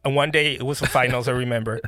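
A Colombian-born man who grew up speaking Spanish tells his story as a podcast guest. He talks in animated, restarting bursts, at a middle pitch. His voice is recorded close and dry. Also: fast, no echo. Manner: animated, restarts often, bursts into laughing exclamations. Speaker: podcast guest, brand founder. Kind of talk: casual interview storytelling.

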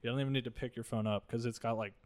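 Young dude on a podcast, middle pitch, chill and teasing. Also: male voice, steady tone, racing. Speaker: podcast co-host. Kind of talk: casual podcast banter.

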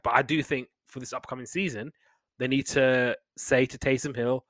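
Bright-voiced man chatting sports. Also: a little fast, no echo. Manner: animated, gets loud and high when excited. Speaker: podcast co-host. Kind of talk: casual sports chat.

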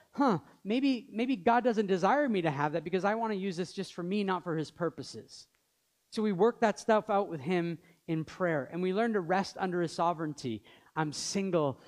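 A young man with a high voice preaches a sermon. He talks loosely and jokes, and he acts out the people he quotes. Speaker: pastor.

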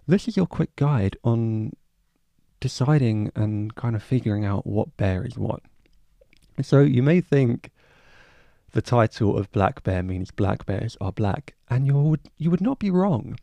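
Rambling young man, gravelly low voice. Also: expressive, unhurried, dark tone, no room sound. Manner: rambling, swears freely, self-mocking asides. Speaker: podcast host. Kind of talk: casual solo podcast monologue.

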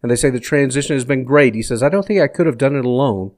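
A middle-aged man calmly recounting a personal story in a casual, conversational way, as a vlogger talking to his viewers. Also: mid-range voice, quick pace. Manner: reflective, conversational, recounts dialogue plainly. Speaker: vlogger sharing personal stories.

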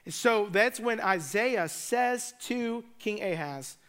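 A man's voice: high-pitched, lively intonation, slow, a bit bright, clean tone. A man preaching a sermon, retelling scripture in a casual, joking way with conversational asides. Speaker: pastor.

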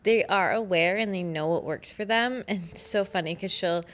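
A woman's voice: mid-range voice, fairly bright tone. A woman co-hosting a podcast, earnestly explaining her ideas in casual chat. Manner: earnest, explains ideas, some fast bursts.

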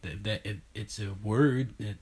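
A man in casual chat, thoughtful and analytical, speaking in halting, searching phrases. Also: lowish voice, crowd noise.

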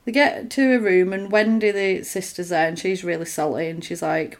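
Chatty woman recapping a film. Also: on the low side. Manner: animated retelling, acts out lines in quick put-on voices; conversational, with fillers and restarts. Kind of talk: casual film recap chat.

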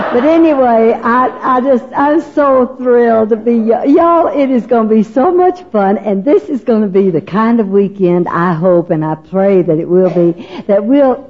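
An older woman gives a humorous Christian talk at a women's event, laughing often and telling folksy stories. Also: sits high. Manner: folksy, laughing, animated storytelling. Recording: dull, lo-fi live recording.

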